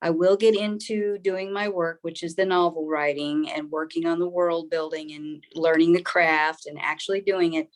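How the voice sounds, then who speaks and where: A woman in an online group on a video call, sharing her experience in a rambling, halting way with many fillers. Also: fairly low pitch, steady tone. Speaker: group participant. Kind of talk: casual personal sharing.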